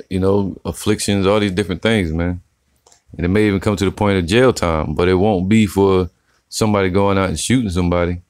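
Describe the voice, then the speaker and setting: A man giving casual, slangy religious commentary, reading scripture slowly and tagging his sentences with "man". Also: deep voice, a little mellow, clear, resonant tone, dry recording, studio quality. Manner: slangy, profane, preachy, says "man" often; slow deliberate scripture reading.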